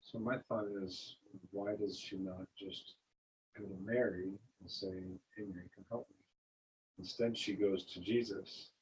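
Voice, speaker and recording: A man's voice: lowish voice, fairly even intonation, a little slow, slight background noise, low-quality recording. A man in a Bible study group, sharing his thoughts in a thoughtful, plain-spoken way.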